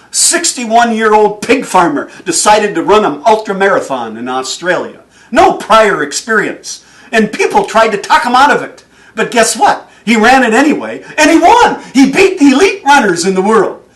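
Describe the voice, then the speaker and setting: A man giving a motivational speech, telling stories in an animated way and chuckling often. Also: high voice, recorded from a distance. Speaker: motivational speaker.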